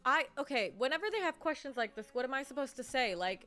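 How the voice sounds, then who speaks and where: A high-voiced woman chats on a livestream, answering her viewers and laughing easily. Her tone is bright and her pitch swings widely as she gets worked up. Faint music plays behind her. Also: animated, fast, hardly any pauses. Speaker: livestreamer reading chat. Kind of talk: casual live-stream chat.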